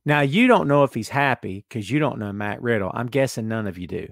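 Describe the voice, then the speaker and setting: A man's voice: mid-range voice, a little fast, creaky, dry recording, studio quality. A man hosting a casual podcast, reading listener comments and answering them with sarcastic asides. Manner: sarcastic, animated, jumps from loud asides to muttering. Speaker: podcast host.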